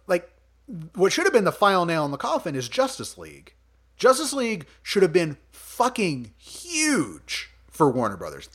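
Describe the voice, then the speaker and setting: A man hosting a podcast, chatting casually about movies, animated, laughing often and swearing freely. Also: a little high. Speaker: podcast host.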